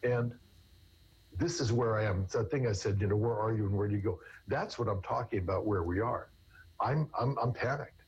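Husky-voiced male therapist, lo-fi sound. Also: lowish voice, brisk, a little mellow. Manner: rambling, restarts with repeated words. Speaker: therapist guest. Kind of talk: interview answers. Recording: dull lo-fi recording.

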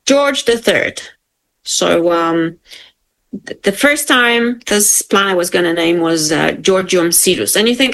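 A woman's voice: medium pitch, unhurried, a bit bright. A woman co-hosting a casual science chat, chatty, adding playful interjections. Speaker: podcast co-host.

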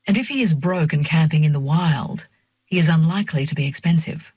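A woman narrating a first-person novel in a measured, reflective reading voice on a close mic. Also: low-pitched, a little mellow, breathy edge, dry recording. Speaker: audiobook narrator.

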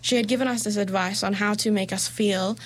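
A woman's voice: medium pitch, steady tone, fairly quick. A young woman in casual conversation, talking freely and filling her speech with "like" and small laughs. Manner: chatty, heavy use of "like", laughs easily. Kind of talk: casual chat.

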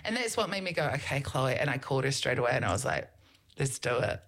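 A woman's voice: rumbling low, big pitch swings, quick pace, crowd noise. A middle-aged New Zealand woman, a politician talking as a podcast guest, telling stories in an earnest, advocating way. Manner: uses loose fillers and restarts. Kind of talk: casual interview talk.

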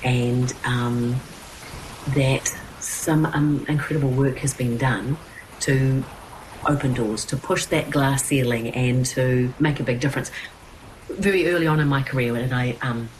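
A woman's voice: rumbling low, unhurried, a little hiss or hum, poor audio. A middle-aged woman, an interview guest speaking earnestly, with many fillers and restarts. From New Zealand. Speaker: guest, children's TV presenter and producer. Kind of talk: interview conversation.

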